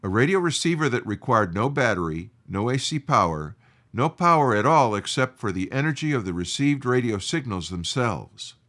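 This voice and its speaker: A man presenting a radio history segment in scripted narration, reading in a measured, deliberate way. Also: medium pitch, very animated, fairly bright tone.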